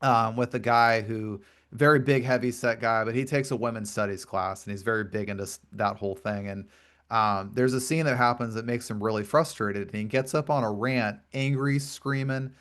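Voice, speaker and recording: A man's voice: mid-range voice, fairly even intonation, normal speed, fairly bright tone, smooth. A male podcast host in a conversational interview, explaining earnestly at length and often repeating words. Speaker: podcast host and grief coach.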